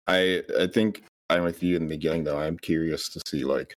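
Very deep-voiced man musing about games. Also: steady tone, fairly quick, no echo, studio quality. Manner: laid-back, musing, wry questions. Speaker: game reviewer. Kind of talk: casual review discussion.

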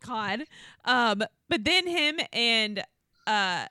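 A woman's voice: fairly high pitch, extremely slow, smooth, no echo, studio quality. A woman co-hosting a podcast, chatting casually and acting out what people said in exaggerated voices. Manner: animated, acts out quotes in exaggerated voices. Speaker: podcast co-host. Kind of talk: casual chat recapping reality TV.

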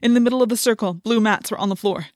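A woman's voice: on the high side, fast talker, no echo, clean studio sound. A woman narrating an audiobook in the first person, telling the story with intense, dramatic delivery.

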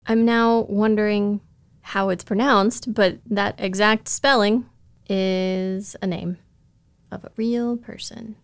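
Female podcast co-host, mid-pitched voice, relaxed and easygoing. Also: slow, smooth. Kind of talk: casual podcast discussion and recap narration.

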